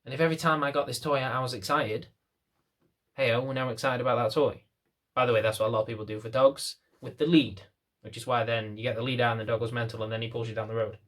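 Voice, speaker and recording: A man's voice: medium pitch, steady tone, rapid-fire, hardly any pauses, a bit bright. A young man with an ordinary mid-range voice gives dog training advice straight to camera. His delivery is blunt and rambling, and he pokes fun at himself along the way. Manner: blunt, rambling, self-mocking. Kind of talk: casual talk to camera.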